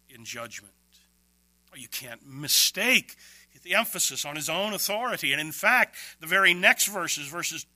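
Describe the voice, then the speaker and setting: A man preaching an expository sermon, emphatic, with quick bursts and slow, stressed words. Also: a little high, sharp tone, dry recording.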